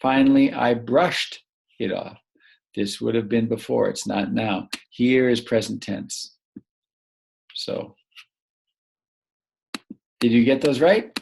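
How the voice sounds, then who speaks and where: A man teaching a recorded grammar lesson to young children, patient and prompting them to pause and answer. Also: medium pitch, gravelly, darkish tone, breathy edge.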